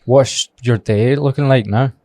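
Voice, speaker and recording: A man's voice: medium pitch, unhurried, a little mellow, no room sound, clean studio sound. A Scottish man in his twenties with a Glasgow accent, hosting a casual podcast chat, joking, teasing and swearing freely. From Scotland. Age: 20s. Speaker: podcast host.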